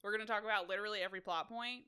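A woman co-hosting a podcast in casual chat, chatty, swearing freely and quick to laugh. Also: medium pitch, over a noisy crowd. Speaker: podcast co-host.

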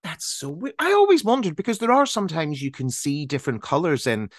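Northern irish man in his forties, podcast co-host, rambling anecdotes, very lively intonation, dry close sound. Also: fairly high pitch, brisk, no room sound. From Northern Ireland. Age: 40s. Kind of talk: casual chat.

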